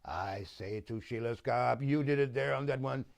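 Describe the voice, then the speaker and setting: A man's voice: mid-range voice, vocal fry, close to an everyday voice. A man doing an evasive old Quebec politician. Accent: Quebec French. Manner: broken, halting English, repetitive. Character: older male Quebec politician, evasive, blames others.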